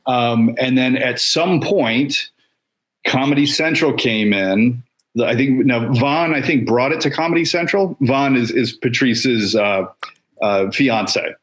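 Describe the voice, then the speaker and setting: A man guest on a radio show, explaining how a documentary came together in a measured way. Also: mid-range voice. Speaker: guest, film producer. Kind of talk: radio interview answer.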